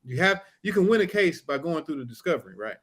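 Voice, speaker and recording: A man co-hosting a casual podcast, a trial lawyer sharing stories from court. His voice sits a little high for a man, and he acts out witnesses and judges as he goes, with lively swings in pitch. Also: quick pace. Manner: animated, acts out courtroom exchanges. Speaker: podcast co-host. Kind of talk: casual storytelling chat.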